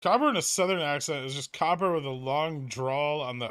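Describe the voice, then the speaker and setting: A man's voice: on the high side, brisk, few pauses, a bit bright, smooth, no echo. Dry offhand man reading his chat. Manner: dry, offhand, reads chat aloud and answers. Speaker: livestream host. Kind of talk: casual chat reading viewer questions.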